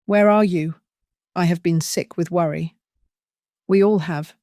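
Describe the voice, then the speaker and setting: A narrator voicing a manipulative middle-aged husband who talks in a cloying, condescending, soothing way. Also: male voice, sits high, fairly even intonation, unhurried, a little mellow, no room sound, clean studio sound.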